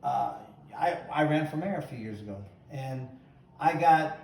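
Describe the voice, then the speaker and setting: Speaking at normal speed with lively intonation, this middle-aged host, once a boxer, has a voice on the high side with a darkish tone. His casual chat wanders through stories where he acts out other people's lines. A little hiss or hum, an echoey room, and a distant mic color the recording.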